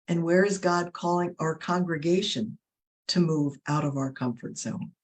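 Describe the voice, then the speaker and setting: A woman presenter giving an earnest, preacherly talk on faith, slowing down to stress her points. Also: fairly low pitch. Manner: earnest, preacherly, slows for emphasis. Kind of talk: faith talk with a told fable.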